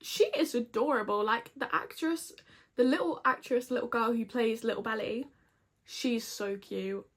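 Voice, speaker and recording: A woman's voice: fairly high pitch, moderate pace. A young woman recapping a TV episode to camera in a gushing, dramatic, chatty way. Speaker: vlogger.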